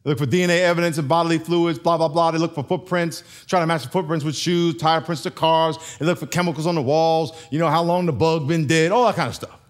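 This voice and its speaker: A man preaching a sermon as pastor, animated and storytelling, chuckling often. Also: a little high, fast, hardly any pauses. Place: large church.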